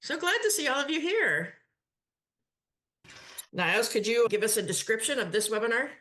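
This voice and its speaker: A woman's voice: on the high side, lively intonation, normal speed, fairly bright tone. A woman hosting a webinar, welcoming the audience and giving a formal introduction of the guest speaker. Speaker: webinar host.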